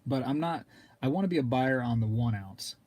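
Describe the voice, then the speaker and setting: A man hosting a casual live stream, rambling to viewers in chat and clearing his throat often. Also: medium pitch, animated, a little fast, a little mellow. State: throat scratchy, keeps coughing.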